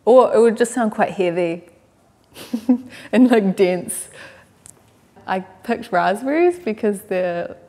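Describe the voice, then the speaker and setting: Slow-talking young New woman. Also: medium pitch, expressive, mellow. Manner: hesitant, many likes and ums. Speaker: musician guest. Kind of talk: relaxed interview chat.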